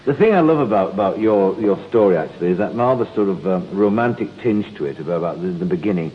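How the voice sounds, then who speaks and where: A man hosting a talk show, asking probing questions quickly and with hesitant fillers. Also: low-pitched, animated. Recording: dull lo-fi broadcast with faint hiss.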